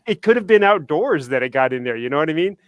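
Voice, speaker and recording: A man's voice: a little high, expressive, fast talker, no room sound. A man in a band telling a casual story on a webcast, chatty and laughing often. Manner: chatty, laughing, many fillers. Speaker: band member co-hosting a webcast.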